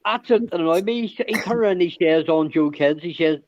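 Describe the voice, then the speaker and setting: A man's voice: high-pitched, brisk, hardly any pauses, no room sound. A man, chatting as a panelist on an online stream and telling stories bluntly, with plenty of swearing. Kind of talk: casual chat. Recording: dull, dry lo-fi audio.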